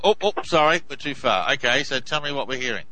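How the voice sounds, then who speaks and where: A male host leading a casual interview in a brisk, encouraging way. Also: mid-range voice, expressive, bright, forceful tone, rough recording.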